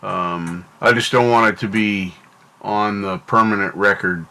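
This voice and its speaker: A man's voice: on the low side, fairly even intonation, unhurried, sharp tone. A North American man hosting a livestream, rambling casually and thinking aloud while he answers his chat. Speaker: livestream host.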